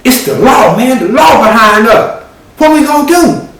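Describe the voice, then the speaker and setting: A man voicing a panicky young man who pleads with his cousin in a squeaky high voice during a told story. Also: fast. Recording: roomy, distant, faint hiss.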